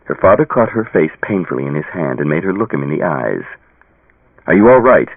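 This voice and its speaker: A man narrating an audiobook with a dramatic, expressive reading. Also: a bass voice, fast talker, creaky, dry recording. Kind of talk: scripted narration. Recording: tinny phone-like audio.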